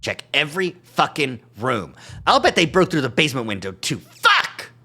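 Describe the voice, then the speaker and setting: A man voicing a small, screeching weasel thug with a grating, nasal voice, yelling threats. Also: high voice, wildly swooping pitch, moderate pace, pitched above the performer's own voice, exaggerated voice. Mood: shouting.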